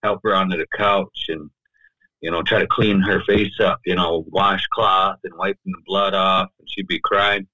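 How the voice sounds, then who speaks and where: A low-voiced man sits in as a podcast guest and tells a personal story, his tone bright and pushing forward. He talks loosely and keeps reaching for "you know" and "right?". The sound is dry and close, with no room echo. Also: little pitch movement, normal speed, highs cut off. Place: podcast studio.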